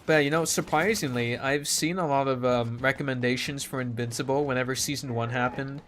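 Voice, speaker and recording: Guy ranting to his stream, mid pitch, sarcastic and swearing, laughs a lot. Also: steady tone, a little fast, fairly bright tone, a little hiss or hum. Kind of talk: casual rant to stream chat.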